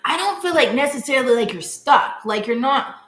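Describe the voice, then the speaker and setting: A woman with a bright, lively voice runs a live-stream tarot reading, chatting casually and giggling often. Her voice sits a little high and rings in an echoey room. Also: brisk. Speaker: tarot reader.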